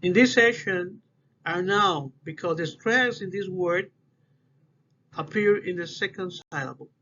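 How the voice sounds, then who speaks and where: A man giving a class presentation on word stress, in halting English that repeats words as he goes. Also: sits high, bright, forceful tone. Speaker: student presenter. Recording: dull lo-fi recording with faint noise.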